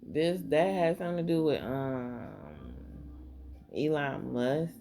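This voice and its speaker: A woman's voice: low-pitched, takes it slowly, vocal fry, dark tone. A woman tarot reader doing a casual reading, rambling, thinking aloud and swearing freely.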